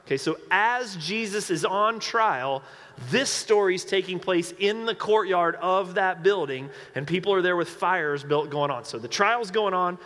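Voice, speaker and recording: A man preaching a sermon to a congregation, animated and emphatic, with joking asides. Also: high voice, unhurried. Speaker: pastor. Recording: long hall reverb.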